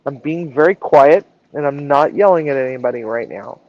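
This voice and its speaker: A woman's voice: very deep voice, moderate pace, highs cut off. A woman chef telling a story in a casual live stream, acting out the dialogue and swearing freely. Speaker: chef and culinary director.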